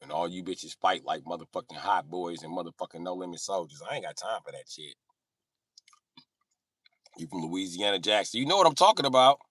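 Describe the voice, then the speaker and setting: A man's voice: low-pitched, normal speed, long pauses, slightly rough, no room sound, studio quality, far from the mic. A man hosting a livestream, ranting casually and joking with lots of swearing. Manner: animated, joking, swings loud and quiet. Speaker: livestream host. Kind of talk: casual profane comedic rant.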